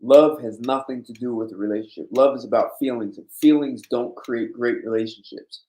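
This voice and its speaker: A man's voice: medium pitch, moderate pace, mellow. A man hosting a blunt, emphatic monologue in a casual, lecturing way. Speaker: host. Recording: roomy echo.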